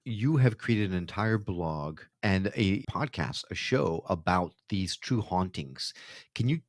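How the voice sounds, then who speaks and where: A man's voice: low voice, lively intonation, takes it slowly, no echo, studio quality. A man hosting a podcast interview, conversational and explaining things to listeners. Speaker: podcast host.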